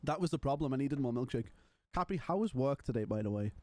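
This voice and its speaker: A man's voice: medium pitch, expressive, quick pace, a little mellow, no echo. A young man streaming live and chatting casually with his viewers, rambling and joking with some swearing.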